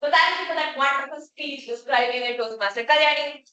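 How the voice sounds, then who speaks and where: A woman's voice: high-pitched, a little fast, sharp tone. A young woman hosting a club meeting, formally introducing each speaker by title. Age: young adult. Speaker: meeting host. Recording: echoey room, voice from far off.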